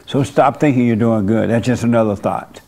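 A man's voice: medium pitch, moderate pace, a little mellow. A man leading an informal church service, talking bluntly and conversationally with his congregation in a folksy way. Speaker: pastor.

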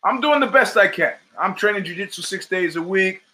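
Forceful, emphatic middle-aged man. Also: high-pitched, lively intonation, fairly quick. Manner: emphatic, rhetorical, repeats phrases for effect. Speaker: podcast host. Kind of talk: opinionated monologue.

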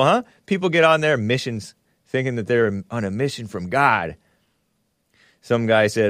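A man's voice: lowish voice, lively intonation, normal speed, a bit bright, no room sound, clean studio sound. A man hosting a talk show, giving casual, sarcastic commentary and laughing often as he mocks tweets.

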